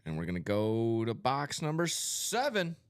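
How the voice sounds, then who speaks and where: A man's voice: mid-range voice, huge pitch swings, a little slow, clean tone, no echo. A man hosting a live card-breaking stream from a studio break room, talking in upbeat, casual banter full of hype catchphrases. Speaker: card break livestream host.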